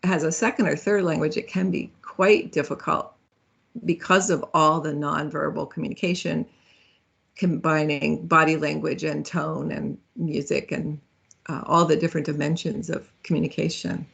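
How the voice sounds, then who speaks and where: A woman's voice: low voice, steady tone, normal speed, vocal fry, a bit bright, husky. A woman speaking as a guest in a speaker series, in a conversational way with fillers and self-corrections.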